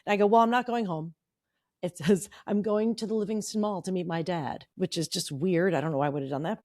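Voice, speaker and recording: A middle-aged woman co-hosting a podcast, reading an old teenage journal aloud and acting out the quotes in a bright voice. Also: fairly low pitch, steady tone, fast, dry recording, studio quality. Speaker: podcast co-host.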